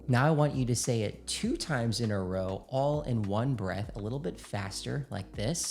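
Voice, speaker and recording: A man's voice: medium pitch, lively intonation, normal speed, hardly any pauses, darkish tone. A man teaching speech clarity as a coach, leading rhythmic syllable drills with energy. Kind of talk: instructional video.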